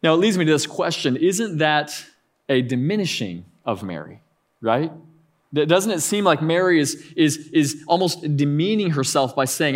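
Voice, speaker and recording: A man's voice: a little high, animated, normal speed. A man in his thirties, a pastor preaching a conversational sermon with frequent asides and restarts.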